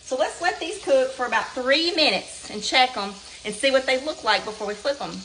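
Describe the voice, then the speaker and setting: A woman's voice: high voice, expressive, moderate pace, sharp tone, slight background noise. A middle-aged woman with a Southern US accent, chatting casually as she shows a home cooking demo in her kitchen. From American South. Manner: chatty, down-to-earth, addresses viewers as y'all. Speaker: home cook. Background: oil frying and sizzling.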